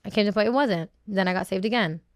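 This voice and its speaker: A young adult woman speaks as a podcast guest in a smooth, resonant voice. She talks candidly and emotionally, rambling with frequent restarts. The recording is dry and close. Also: mid-range voice, very fast, no room sound. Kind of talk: candid interview talk.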